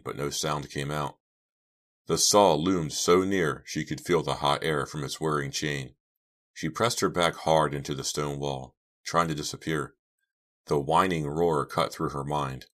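A man narrating a horror audiobook with steady, tense storytelling. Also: rumbling low. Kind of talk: scripted narration.

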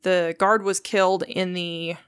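A woman's voice: on the low side, little pitch movement, a little slow, a bit bright, smooth, no echo, studio quality. A woman casually retelling a story on a podcast, swearing freely and acting out the quotes. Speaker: podcast host.

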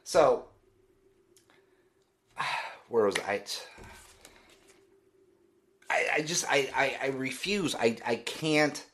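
A man's voice: medium pitch, expressive, drawn-out words, pauses often, a bit bright. A man hosting a solo sports podcast, giving opinionated, dismissive commentary in a ranting way. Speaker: podcast host.

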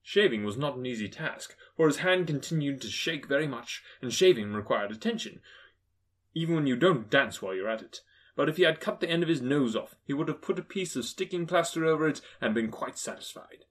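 A man narrating a classic story aloud with expressive, lilting storytelling. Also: a little high, fairly quick. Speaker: audiobook narrator. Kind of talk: storybook reading.

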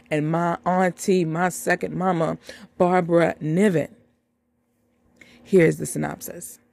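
Slow, gravelly-voiced podcast host. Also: mid-range voice, darkish tone. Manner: dramatic and wry, addresses listeners as y'all. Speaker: podcast host reviewing TV movies. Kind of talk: casual chat, reading announcements.

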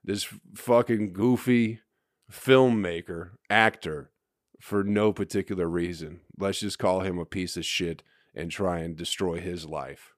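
Hungover male podcast host, solo rant: low voice, profane and exasperated, rambling, recorded dry. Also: measured pace, no echo. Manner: rambling, repeats himself.

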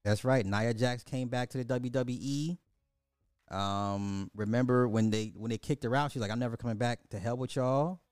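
A man hosting a casual livestream, reading chat questions in an animated, slangy way with lots of repetition and swearing. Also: mid-range voice, normal speed, clean tone, dry recording, studio quality.

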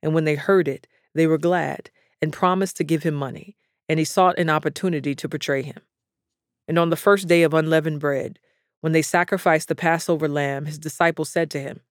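A man giving a scripted Bible reading in a measured, even, solemn delivery. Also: on the high side, no echo, studio quality. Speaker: scripture reader.

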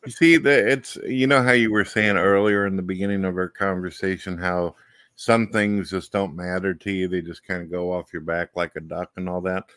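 Blunt, low-voiced man chatting. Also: fairly even intonation, moderate pace, a bit bright, no room sound. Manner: blunt, plain-spoken, swears freely. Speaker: show host. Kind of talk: casual conversation.

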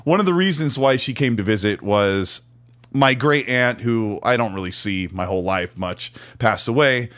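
A young man co-hosting a casual gaming chat show, telling funny stories in an animated way and laughing often. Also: mid-range voice, normal speed. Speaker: podcast co-host.

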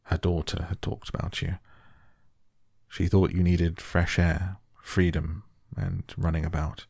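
A man's voice: sits low, flat delivery, a little slow, vocal fry, a little mellow, breathy edge, no echo, clean studio sound, full character voice. Man reading a weary, distracted guardian. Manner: distracted, muttering. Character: weary, troubled middle-aged guardian.

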